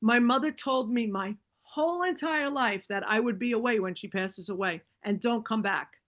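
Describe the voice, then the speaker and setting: Woman podcast guest, fairly high-pitched, animated casual storyteller with a chatty, filler-heavy delivery. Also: moderate pace. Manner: animated, acts out quoted dialogue; fillers like "like" and "right?".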